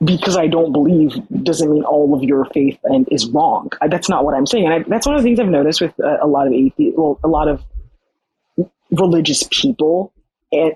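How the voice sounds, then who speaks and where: Young woman podcast guest, casual storyteller, husky breathy voice, dead-dry recording. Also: low voice, no echo, low-quality recording. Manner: animated, frequent fillers and quoted dialogue.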